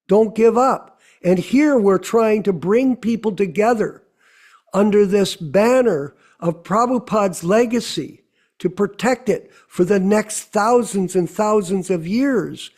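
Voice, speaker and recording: A man's voice: high voice, darkish tone. A man hosting an online devotional discussion, urging listeners earnestly and repeating phrases for emphasis. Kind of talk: exhortation to a video call audience.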